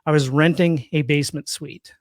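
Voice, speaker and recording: Chatty and self-deprecating, with plenty of jokes, a fifties-aged guest from Saskatchewan, Canada, talks real estate investing in a casual interview, his Canadian accent clear. The voice is a little high and steady at normal speed, recorded dry in a clean studio.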